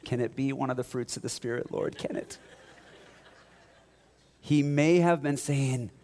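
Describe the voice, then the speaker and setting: A man delivers a sermon in a lively, conversational way, with a medium-pitched voice. He mixes teaching with humorous asides and playful rhetorical questions to the congregation. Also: a little slow, a little hiss or hum. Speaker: pastor.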